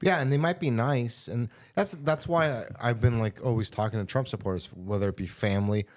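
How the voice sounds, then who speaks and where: A man's voice: mid-range voice, a little fast. A man hosting a podcast, telling stories in casual chat and swearing freely. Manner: swearing, animated storytelling. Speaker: podcast host. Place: studio.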